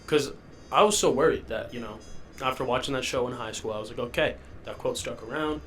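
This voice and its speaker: A little fast and fairly bright, the medium-pitched voice comes from a young podcast host with a cold. Over soft background music, he rambles solo from a rented basement, loopy and self-deprecating.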